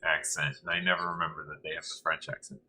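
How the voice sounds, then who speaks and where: A man's voice: extremely low pitch, level tone, fast talker, pushed and bright, slight background noise, poor audio. A man acting as game master, chatting animatedly and laughing often between lines. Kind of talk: tabletop game chat.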